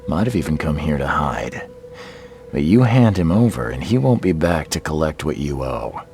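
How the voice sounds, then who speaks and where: A very deep, gravelly private eye. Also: male voice, very animated, moderate pace, a little mellow, slight background noise, full character voice. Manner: cool, clipped and threatening. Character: hard-bitten male private investigator. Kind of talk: video game voice acting.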